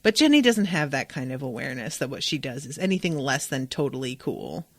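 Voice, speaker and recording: A woman hosting a podcast, recapping an episode in a casual, animated, profane and digressive way. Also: extremely low pitch, brisk, no echo. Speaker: podcast host.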